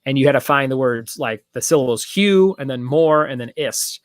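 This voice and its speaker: A man's voice: mid-range voice, animated, moderate pace, no room sound, clean studio sound. Chatty man hosting trivia. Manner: chatty, rambling asides, repeats each question. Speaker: trivia host. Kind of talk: casual livestream trivia hosting.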